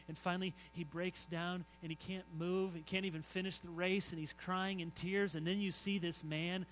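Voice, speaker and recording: Middle-aged male pastor, sermon delivery, bright forceful tone, slightly high voice, faint hum under it. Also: poor audio. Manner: storytelling, swings from soft to loud emphasis.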